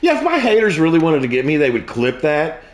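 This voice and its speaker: A man, a comedian hosting a stream, tells crude jokes and stories in relaxed, profane chat. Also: on the high side, brisk. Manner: crude, profane joke-telling. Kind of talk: casual storytelling chat.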